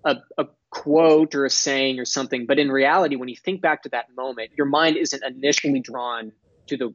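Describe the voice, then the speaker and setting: A young man from Texas gives an earnest, articulate podcast interview. His words come out measured, with small restarts as he builds each point. The sound is dry and somewhat dull, with no room around it. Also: mid-range voice, steady tone, no room sound. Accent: none, mostly neutral American with a faint Texas drawl at times. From Dallas, Texas. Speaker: guest, entrepreneur.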